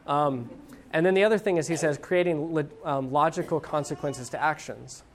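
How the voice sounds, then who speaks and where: A man's voice: on the high side, normal speed. Man teaching a parenting class. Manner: conversational, hesitant with fillers, animated when quoting.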